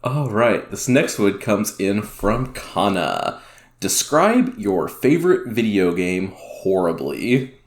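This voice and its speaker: A man's voice: fairly low pitch, very animated, takes it slowly. A man hosting a casual gaming podcast, reading listener questions in an easygoing way. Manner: easygoing, laughs often. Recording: roomy echoey room.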